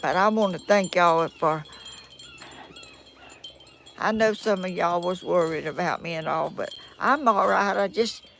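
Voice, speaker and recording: A woman's voice: fairly low pitch, a little slow, creaky, pauses often, fairly bright tone, slight background noise. An older woman with a Southern American accent, hosting a live stream from outdoors and talking in a flustered, self-deprecating, folksy way while she struggles with her phone and tablet. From Georgia, United States. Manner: folksy rural speech. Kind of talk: casual live-stream chat. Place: outdoors in the sun.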